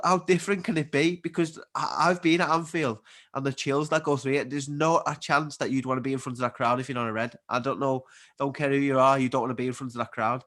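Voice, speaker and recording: A young man with a broad Scouse accent tells stories in a casual podcast chat. He speaks at a fast clip with lively, animated energy. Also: medium pitch. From Liverpool, England. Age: 20s. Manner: animated storyteller, quick and chatty. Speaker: guest athlete.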